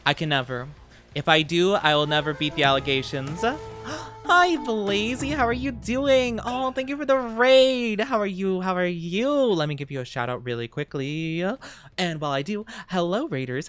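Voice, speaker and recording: A playful male streamer talks to his chat from a home setup, his pitch leaping all over the place as he rambles and giggles. The voice is smooth and clean, recorded close on a desk mic. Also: a bit bright. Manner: playful, giggly and rambling, with sudden high squeaks. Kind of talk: casual live-stream chat while gaming.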